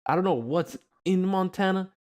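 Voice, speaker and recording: A man's voice: sits high, a little mellow. Young man, californian accent, casual group chat, rambling, swears a lot. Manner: rambling, swearing, drawn-out phrases.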